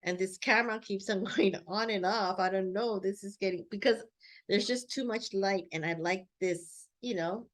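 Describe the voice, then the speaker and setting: A woman's voice: mid-range voice, moderate pace. A woman vlogging in a casual, reflective monologue while sitting outdoors, rambling with lots of "like" and "you know" and laughing often as she talks. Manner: chatty, rambling, many "like" and "you know" fillers.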